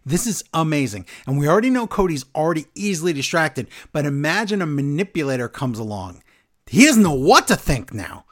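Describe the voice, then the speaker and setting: A man co-hosting a podcast, recapping a wrestling show in casual, animated chat from his notes. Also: on the high side, brisk. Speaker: podcast co-host.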